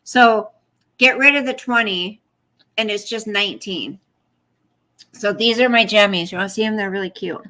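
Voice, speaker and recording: A woman's voice: mid-range voice, normal speed, pauses often, bright, forceful tone. A woman hosting a casual livestream from home at night, chatty and apologetic, cooing at her pet in between. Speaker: livestream host.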